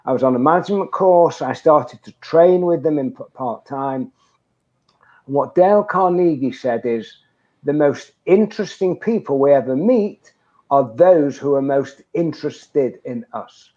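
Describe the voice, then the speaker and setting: A man's voice: a little high, lively intonation, measured pace, dark tone. An older man giving networking advice in an interview, talking emphatically and telling anecdotes. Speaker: guest, networking trainer. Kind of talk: conversational interview. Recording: dull lo-fi sound.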